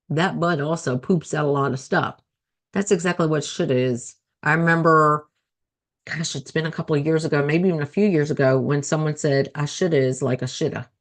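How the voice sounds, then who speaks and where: A middle-aged woman with a slightly low voice hosts her own coaching podcast. She talks in a loose, chatty way and circles back to repeat key phrases for emphasis. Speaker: podcast host and life coach. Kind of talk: casual solo podcast talk.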